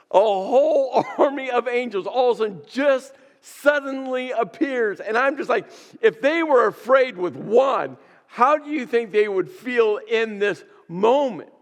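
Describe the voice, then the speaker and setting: A man's voice: extremely high pitch, big-room sound. A man preaching a sermon as pastor, emphatic and repeating key words for weight. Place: church sanctuary.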